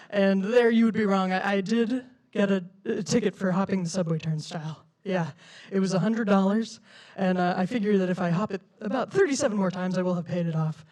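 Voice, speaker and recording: A woman's voice: medium pitch, brisk, darkish tone. A young woman from Denver doing a stand-up routine with a quirky, lilting, self-described silly way of talking. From Denver, USA. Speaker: stand-up comedian. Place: comedy stage before a live audience.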